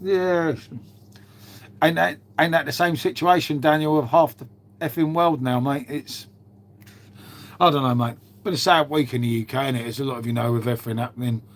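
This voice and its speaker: A man's voice: mid-range voice, fairly even intonation, normal speed. A middle-aged man, hosting a livestream and chatting casually with viewers, laid-back and sweary, peppering his talk with mate and innit. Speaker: livestream host reading chat. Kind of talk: casual chat.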